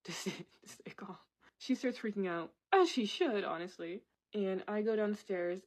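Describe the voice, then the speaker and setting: A woman's voice: lowish voice, rough recording. A young woman telling a personal story in a candid, chatty way, with lots of "like" and "literally". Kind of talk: casual storytime monologue.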